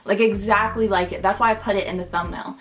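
A woman's voice: medium pitch, steady tone, fast, slight background noise. Chatty young woman vlogger. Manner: chatty, heavy use of "like". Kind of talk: casual storytime.

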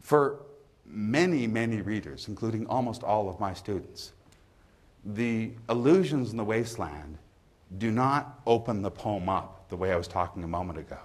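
A man who is a literature professor, giving a measured, emphatic university lecture in a lecture hall. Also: lowish voice, animated.

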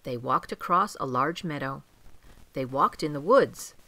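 An older woman reading a children's story aloud, gentle and expressive. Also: deep voice, a little slow, no echo, poor audio. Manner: gentle, expressive, clearly paced.

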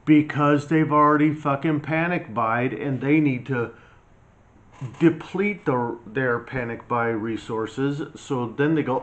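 Speaking at a measured pace, a medium-pitched man delivers a prepper vlog rant that is blunt, mocking and scolding. A faint hiss sits under the slightly dull, lo-fi recording.

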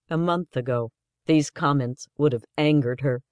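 A man's voice: fairly high pitch, moderate pace, darkish tone, clean tone, dry recording. Man reading an audiobook, dry. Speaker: audiobook narrator. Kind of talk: scripted narration.

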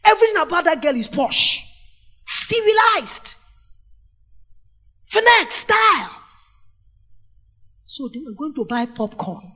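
A middle-aged Nigerian woman preaching a sermon, telling stories with animated energy and calling out questions to the congregation. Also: high-pitched, fairly quick, few pauses. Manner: animated storytelling with call-and-response questions to the congregation.

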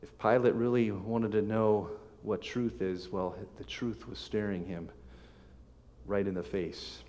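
A man preaching a sermon as pastor, reading scripture aloud with emphatic swells and sudden soft drops. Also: on the low side, steady tone, a little slow. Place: church sanctuary. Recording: long hall reverb.

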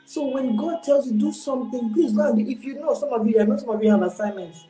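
A woman's voice: a little high, fast, warm tone, soft background music. A woman giving an informal, exhorting online sermon, mixing in pidgin phrases. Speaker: preacher. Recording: roomy echo.

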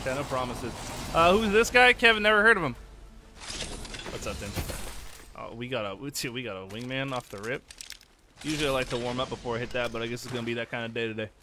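A man's voice: mid-range voice, fast, pauses often, noisy background. A young man streaming a game live, rambling casually, swearing and greeting his chat by name. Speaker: gaming streamer.

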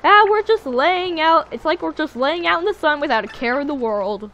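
A woman commenting on her video game as she plays, with excitable, squealing reactions. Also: high voice, moderate pace. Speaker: gamer playing a video game. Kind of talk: let's play commentary.

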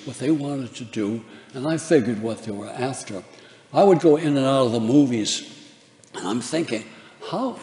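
A man's voice: medium pitch, darkish tone. An older man on stage telling a live audience chatty, laughing anecdotes about his career, acting out the voices of the people he quotes. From New Orleans, Louisiana. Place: large theater. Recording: reverberant theater hall.

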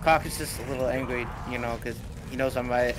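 A man's voice: mid-range voice, fairly even intonation, a little fast, a little hiss or hum, low-quality recording. A man gaming with friends, trading smug trash talk. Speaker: gamer. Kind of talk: casual gaming banter.

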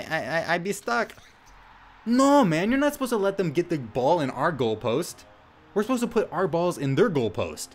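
A man giving playful, goofy let's-play commentary over a game, often stumbling and restarting his words. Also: medium pitch. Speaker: gameplay commentator.

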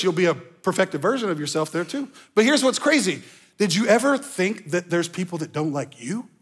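A man preaching a sermon as pastor, animated, slowing down to stress key phrases and slipping into mock voices. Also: high-pitched, husky. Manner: slows down for emphasis on key phrases. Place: church sanctuary.

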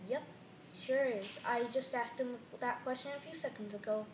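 A woman voicing a scheming young male turtle prankster who plots in a low-key, pleased way. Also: moderate pace, background noise, close to an everyday voice.

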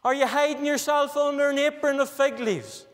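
In a reverberant gospel hall, a man from Northern Ireland preaches a fervent gospel sermon, drawing out repeated phrases. His voice is very high and fairly bright, with fairly even intonation and a moderate pace.

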